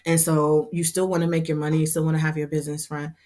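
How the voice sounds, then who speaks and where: A woman on a casual livestream talking to her members, chatty and quick to laugh, with plenty of fillers and restarts. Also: sits low, flat delivery, a little mellow. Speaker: hair business owner and instructor.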